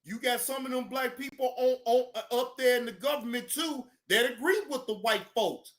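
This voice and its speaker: A man hosting a live stream, ranting loudly and profanely at his audience, often shouting. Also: very high voice, moderate pace. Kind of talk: heated ranting commentary.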